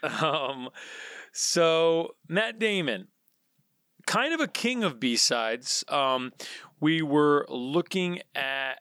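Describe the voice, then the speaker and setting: Bright-voiced chatty male podcast host. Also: mid-range voice, animated, slow, no room sound, studio quality. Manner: chatty and digressive, restarts often. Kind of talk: casual podcast chat.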